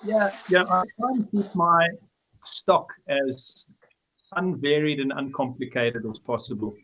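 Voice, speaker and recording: A man's voice: on the high side, a little slow, pushed and bright, low-quality recording. A man speaking as a guest in a casual panel chat over a video call, in a practical, matter-of-fact way. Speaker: knifemaker guest.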